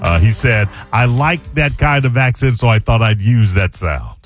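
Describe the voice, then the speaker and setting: A man's voice: medium pitch, lively intonation, moderate pace, faint music behind. A man co-hosting a radio show, laughing often and skeptically pushing back on his partner. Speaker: radio co-host. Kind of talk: casual radio banter. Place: radio studio. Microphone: studio microphone.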